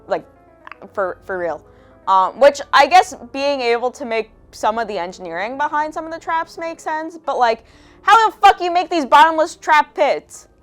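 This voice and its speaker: A young woman rants through a casual commentary, sarcastic and exasperated, with swearing in nearly every line. Her voice sits a little high. Quiet music runs underneath. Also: animated, normal speed. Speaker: video essayist.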